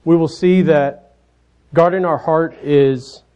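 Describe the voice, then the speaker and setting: A man in his thirties preaching a sermon, telling family stories in a folksy way, often dropping softer at the ends of his phrases. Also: fairly high pitch, fairly even intonation, slow pace. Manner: folksy storytelling, trailing off softly at phrase ends. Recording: dull lo-fi sound.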